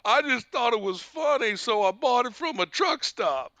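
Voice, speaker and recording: A man's voice: very high-pitched, lively intonation, normal speed, pushed and bright, dry recording, lo-fi sound, pitched above the performer's own voice, heavily acted. A man voicing his oddball uncle, who has a big bellowing laugh and a dopey, chuckling way of talking. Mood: sheepish.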